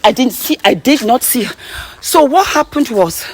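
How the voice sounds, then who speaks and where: A woman vlogger, out of breath and shaken, telling an excited story while walking outdoors, stumbling and repeating her words. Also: a little high, moderate pace, slight background noise.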